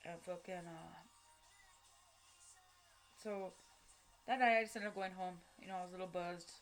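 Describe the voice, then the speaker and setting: A woman's voice: on the low side, fairly even intonation, moderate pace, faint music behind. A woman telling a personal story to camera, blunt and profane, in street slang with lots of fillers. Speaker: vlogger.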